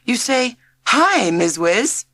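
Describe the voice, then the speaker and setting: A woman voicing a quirky modern witch who teaches a school class, in a quiet but firm, brisk storybook voice. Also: a little high, very animated, no echo, voice pushed up, exaggerated voice.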